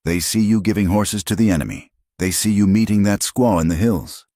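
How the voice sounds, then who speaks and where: A man voicing a nervous, defensive middle-aged sheriff in an audiobook western, pitched above his own narrating voice. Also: animated, brisk, dark tone, no room sound, studio quality. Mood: strained. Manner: defensive, strained.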